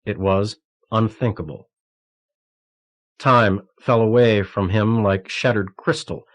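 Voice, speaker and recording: A man reading a thriller novel aloud in a steady, measured narration. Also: lowish voice. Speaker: audiobook narrator. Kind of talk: scripted narration. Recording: cassette audiobook transfer.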